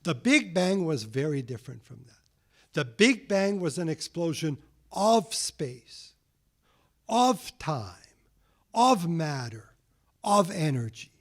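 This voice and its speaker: A man's voice: a little high, very animated, slow pace, pauses often. A man giving a public science lecture as a guest speaker, with joking, wry asides.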